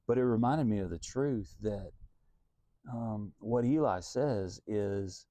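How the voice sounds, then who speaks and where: A man's voice: on the low side, takes it slowly, mellow, no echo. A man, a Christian singer-songwriter, giving an earnest, reflective devotional talk and thinking aloud as he goes.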